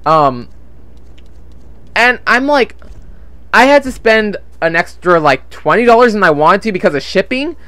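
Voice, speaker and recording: Speaking a little slowly with long pauses, this gaming channel host has a high, sing-song voice with a sharp tone and no echo. The young man rambles through casual gameplay commentary at home on a desktop USB mic, frustrated and swearing a lot about his money problems.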